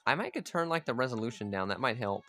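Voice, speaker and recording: A man's voice: mid-range voice, expressive, fast talker, fairly bright tone, soft background music. A man giving casual, profane gameplay commentary, chatting aloud and ordering his units around as he plays. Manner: chatty, swears freely, talks to his units. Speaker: gamer playing a strategy game.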